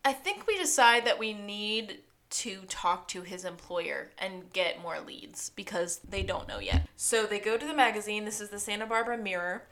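Woman, podcast co-host, casual chat, wry and animated, mid-pitched voice. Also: normal speed, few pauses. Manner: wry, animated storytelling with frequent laughs.

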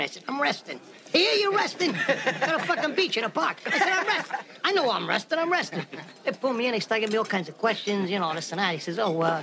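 Tommy, a volatile brash mobster. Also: male voice, high voice, gravelly, heavily acted. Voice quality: brash, profane, menacing mock-offense. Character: volatile short-tempered mobster telling a bar story. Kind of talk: film dialogue. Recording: noisy film audio.

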